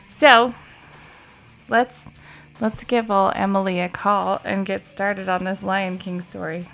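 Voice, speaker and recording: A woman's voice: mid-range voice, little pitch movement, slow pace, gravelly, fairly bright tone, soft background music. Foul-mouthed casual woman podcast host. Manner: profane, rambling, loose.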